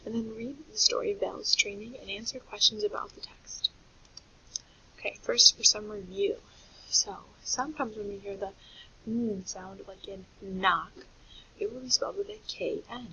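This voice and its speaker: A woman teaching a recorded phonics lesson to young children, explaining patiently and clearly. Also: medium pitch, moderate pace, bright, forceful tone. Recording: dull lo-fi audio with faint hiss.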